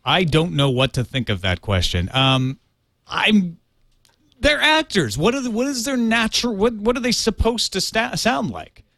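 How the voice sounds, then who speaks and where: American podcast guy, lively up-and-down voice, lots of ums, dead dry sound. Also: high-pitched, normal speed, no echo. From United States. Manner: hesitant, lots of ums and uhs, jokey. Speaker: podcast co-host. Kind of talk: casual chat.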